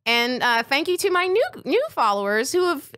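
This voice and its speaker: A woman's voice: high voice, sing-song, moderate pace, a bit bright, no echo, studio quality. A woman hosting a podcast, bubbly and often laughing as she chats casually. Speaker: podcast host.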